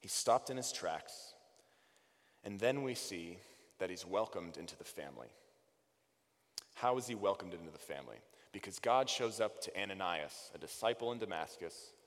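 Deep-voiced preacher in a reverberant hall. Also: male voice, animated, normal speed. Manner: emphatic, swings from loud to hushed quotes. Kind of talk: sermon. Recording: long reverb of a large hall.

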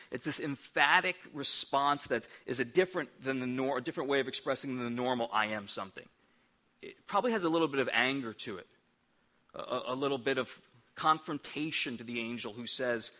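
Earnest preaching man, bright voice. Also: medium pitch, fairly quick. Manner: earnest, emphatic, frequent stammered restarts. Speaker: pastor. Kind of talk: sermon.

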